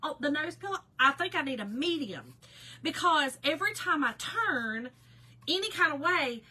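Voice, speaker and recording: A woman hosting a casual livestream, telling a story to her viewers in an animated way and often breaking into laughter. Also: sits high, moderate pace. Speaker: livestream host.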